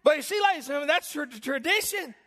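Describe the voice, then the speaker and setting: A man's voice: extremely high pitch, lively intonation, quick pace, a bit bright. A male preacher delivering a sermon, emphatic and repetitive, telling stories to make his point.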